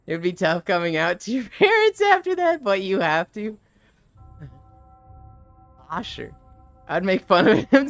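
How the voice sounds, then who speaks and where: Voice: medium pitch, a bit bright. A live streamer walking while chatting casually, retelling funny stories with lots of laughter and swearing, and acting out the people in them. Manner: laughs often, swears, acts out quoted voices.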